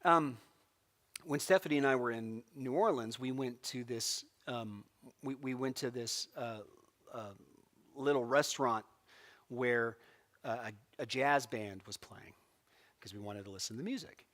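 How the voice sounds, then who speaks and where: A man's voice: medium pitch, a little slow, long pauses, fairly bright tone. A middle-aged man from California teaching a church Bible class, telling stories with acted-out quotes and laughs. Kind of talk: casual Bible lesson.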